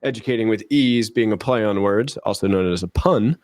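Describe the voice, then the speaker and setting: A man's voice: fairly low pitch, a little fast, a little mellow, no room sound. A man with an American accent hosting a casual school-district podcast in a jokey, upbeat, self-deprecating way, with faint music behind him. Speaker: podcast host, school superintendent.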